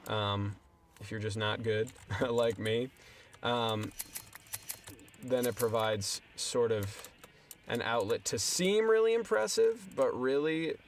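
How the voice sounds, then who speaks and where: A young livestreamer with a medium-pitched voice chats casually to viewers while playing a game, rambling and putting himself down. There is slight background noise.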